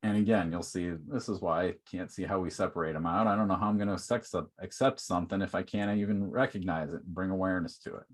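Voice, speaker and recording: A man gives a relaxed online teaching talk, checking in often with "okay?" between points. His voice sits very low in pitch. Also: fast, hardly any pauses. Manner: conversational, uses many fillers like "like" and "okay". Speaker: workshop presenter.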